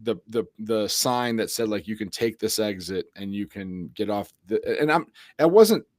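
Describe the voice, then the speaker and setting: A man hosting a casual ministry conversation, telling animated stories and laughing often. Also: fairly low pitch, moderate pace, no echo, studio quality. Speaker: youth ministry podcast host.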